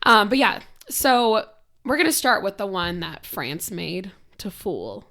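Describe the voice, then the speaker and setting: A young woman co-hosting a casual podcast, hoarse from a cold and laughing often as she talks. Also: mid-range voice, animated, measured pace, pushed and bright. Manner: giggly, laughs often between lines. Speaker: podcast co-host.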